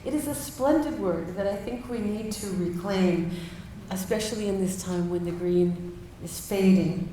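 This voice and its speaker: A woman giving a formal introduction of a guest speaker, slow and measured. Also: medium pitch, mellow, slight background noise. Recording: echoey hall, mic far off.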